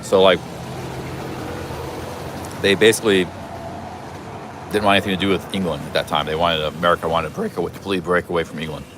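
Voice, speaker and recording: A man's voice: deep voice, fairly even intonation, fast, pauses often, background noise. A man live-streaming a travel vlog from a busy city street outdoors, chatting in a rambling way with many restarts. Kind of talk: casual walking live stream.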